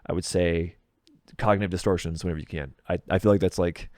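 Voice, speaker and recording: A man's voice: sits low, steady tone, quick pace, darkish tone, dry recording, clean studio sound. A man in his thirties, a podcast guest, talking loosely and candidly in casual conversation, swearing freely and laughing at himself. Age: 30s. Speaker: podcast guest, video game content creator. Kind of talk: casual interview chat.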